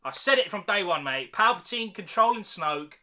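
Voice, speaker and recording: A young man giving a casual, excited film review, full of slang, who keeps tagging sentences with "mate" and "man.". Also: high voice, moderate pace.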